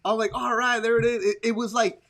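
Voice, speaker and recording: A man hosting a casual podcast chat, telling stories in an animated way and acting out the people he quotes. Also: very high voice, quick pace. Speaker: podcast host.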